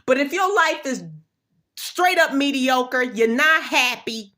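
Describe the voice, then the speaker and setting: A woman's voice: high-pitched, expressive, slow, pushed and bright. A woman vlogger giving an emphatic, repetitive motivational talk in blunt, slangy everyday speech. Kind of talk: motivational pep talk to camera.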